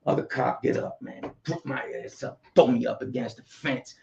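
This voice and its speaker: In dull lo-fi audio, a gravelly man from Philadelphia talks at medium pitch and a moderate pace as an interview guest sharing casual stories. He comes across animated and streetwise, peppering his speech with slang and "you know what I'm saying."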